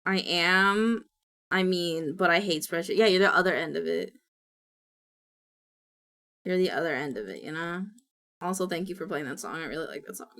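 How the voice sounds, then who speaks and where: A woman's voice: lowish voice, expressive, normal speed, creaky, pauses often, fairly bright tone. A young woman streamer chatting casually, rambling and apologetic with lots of filler words. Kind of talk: casual live-stream chat.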